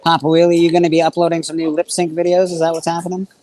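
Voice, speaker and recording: A man's voice: a little high, completely flat delivery, racing, a little mellow, rough recording. A man hosting a casual livestream, chatting loosely and reading out questions from the chat. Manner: laid-back, chatty, reads out chat questions. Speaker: host.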